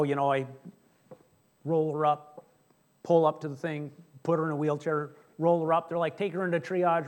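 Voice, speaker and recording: Higher-voiced male pastor, chatty sermon. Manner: chatty storytelling, jokes with congregation. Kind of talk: sermon with personal story.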